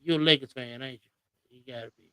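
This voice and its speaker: A man co-hosting a podcast in casual chat, animated and laughing often. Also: medium pitch, fast, smooth, dry recording, poor audio. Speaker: podcast co-host.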